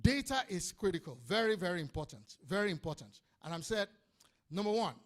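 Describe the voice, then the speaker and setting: A man with a Nigerian accent giving an energetic business seminar talk, calling out to the audience and repeating his points. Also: high voice, a little fast. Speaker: business speaker. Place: conference hall before an audience.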